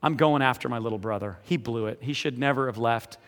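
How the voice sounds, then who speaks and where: A preacher voicing an earnest older brother. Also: male voice, mid-range voice, fairly quick, a bit bright, voice pushed down, lightly acted. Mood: earnest, pleading. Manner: pleading, resolute. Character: earnest young older brother pleading with his father. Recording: echoey hall with long reverb.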